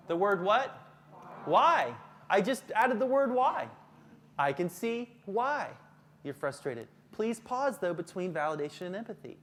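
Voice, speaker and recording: A school counselor leads a live workshop for teachers, speaking lively but dropping into a soft, low voice when giving calm examples.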